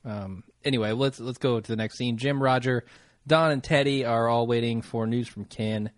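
A man co-hosting a casual podcast, easygoing and quick to laugh as he walks through an episode recap. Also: mid-range voice, fairly even intonation, no echo, clean studio sound. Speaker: podcast co-host.

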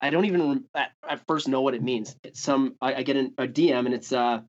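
A man, a guest musician spinning casual stories. He swears freely and leans on "like" and "dude". His voice sits in an ordinary mid pitch, and the recording sounds somewhat dull and lo-fi. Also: steady tone, quick pace, few pauses. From Canada. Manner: loose and profane, heavy on "like" and "dude". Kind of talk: casual storytelling.

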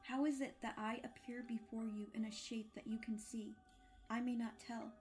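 A woman's voice: a little high, steady tone, moderate pace, darkish tone, soft background music, natural voice. A woman voicing a grim male ghost, a dead miser bound in chains, who speaks in a mournful, solemn, declaiming way.

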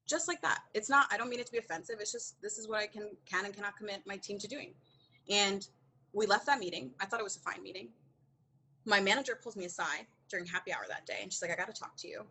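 On a rough recording with slight background noise, a podcast guest speaks quickly at medium pitch with vocal fry. She tells her candid story animatedly, performing the quoted dialogue and frequently breaking into laughter.

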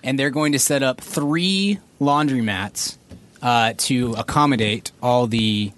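A man from Texas co-hosting a casual podcast, sarcastically complaining about TV shows in an animated way. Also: medium pitch, slow, a little hiss or hum. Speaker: podcast co-host. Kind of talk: casual chat reviewing TV pilots.

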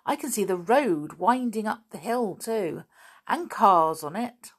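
Brisk, cheerful boy leader in a storybook, a woman reading the part. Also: medium pitch, expressive, breathy edge, pitched above the performer's own voice. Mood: eager. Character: eager boy club leader, bossy and cheerful.

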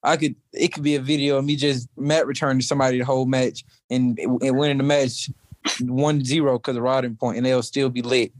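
A young college wrestler from South Georgia is an interview guest, talking in a laid-back, casual way and saying "like" a lot. His voice is medium-pitched, level, and fairly quick, in a dry recording.

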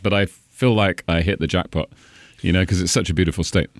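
A middle-aged man from England with a Cambridge-area English accent, a stadium announcer chatting as a guest, talkative and quick to laugh. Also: low-pitched, steady tone, no echo, clean studio sound. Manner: chatty, laughs often, enjoys rolling names off the tongue. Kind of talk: casual interview chat.

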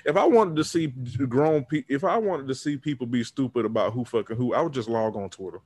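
A man's voice: medium pitch, a little fast, a little mellow, husky, dry recording. A man hosting a podcast, casual and blunt, running through the episode rundown. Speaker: podcast host.

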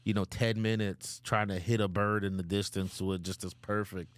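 A man's voice: on the low side, level tone, moderate pace, dry recording. A young man co-hosting a casual podcast chat, loose and rambling with lots of fillers. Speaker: podcast co-host.

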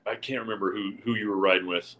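The recording quality is low, and the man's fairly low voice comes fast. He's a podcast co-host recounting a crude golf story among friends, laughing and swearing heavily through the animated, casual tale.

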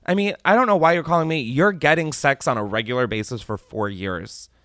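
On his call-in advice podcast, a young host answers questions in a casual, comedic chat, cursing freely, mocking himself bluntly and breaking into exaggerated voices. He speaks fairly quickly at a medium pitch, a bit bright, in a dry, clean studio recording.

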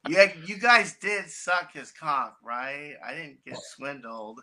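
A man guesting on a comedy podcast, trading crude deadpan jokes and laughing often. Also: fairly high pitch, slow, a crowd in the background, rough recording. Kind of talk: casual comedy podcast chat.

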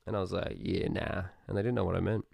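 An Australian man chatting as a podcast guest, playful and quick to laugh. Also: deep voice, fairly even intonation, gravelly, a little mellow, dry recording, clean studio sound. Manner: playful, laughing often, jumping into others' lines. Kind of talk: casual podcast banter.

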